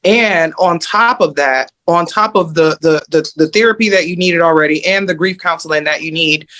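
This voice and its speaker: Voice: medium pitch, moderate pace, pushed and bright. A coach on a video call who lays out points one by one, with frequent fillers. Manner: methodical, lists points, many fillers. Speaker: mindset coach.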